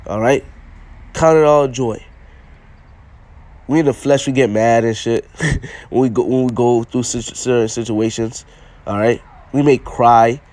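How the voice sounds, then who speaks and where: With a steady, slightly mellow medium-pitched voice, a man preaches informally at a measured pace, leaving long pauses. He reads old-style King James scripture aloud, explains it plainly, and repeatedly asks "all right?"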